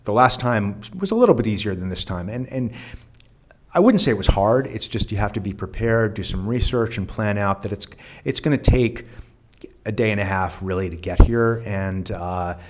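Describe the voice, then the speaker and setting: A man talks through his answers in a casual interview. His delivery is earnest and reflective, full of small restarts. His voice sits a little low. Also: expressive, moderate pace. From New York. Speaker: guest, volunteer.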